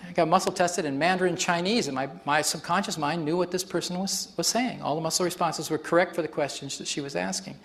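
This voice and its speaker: A man's voice: on the high side, fast talker, hardly any pauses, a bit bright. A man facilitating a live workshop demonstration on stage before an audience, explaining in a chatty way and laughing often.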